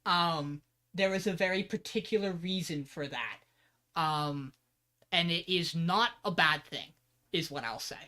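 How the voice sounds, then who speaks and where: A man's voice: on the high side, measured pace, bright, forceful tone. A man co-hosting a podcast, giving a loose, joking plot recap and swearing freely. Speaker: podcast co-host.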